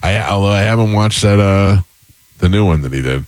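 A man's voice: low voice, animated, a little fast, no room sound. A man co-hosting a casual radio show, chatty and self-deprecating. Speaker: radio co-host.

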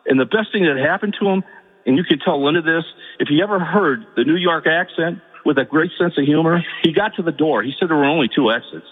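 A man calling in to a radio talk show, telling a story in a halting, emotional way. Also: fairly high pitch, slightly rough. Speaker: caller. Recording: phone line with long reverb.

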